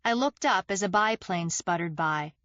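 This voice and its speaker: A woman's voice: on the low side, lively intonation, moderate pace, fairly bright tone, no room sound, muffled recording. Dry, close woman narrating a thriller. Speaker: audiobook narrator. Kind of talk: first-person thriller narration.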